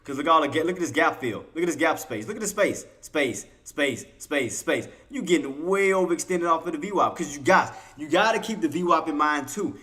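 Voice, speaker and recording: Brisk and animated with a sharp tone, a man with a voice on the high side barely pauses while hosting a live trading stream. He gives intraday commentary casually, calls chat "y'all," repeats himself and quizzes viewers.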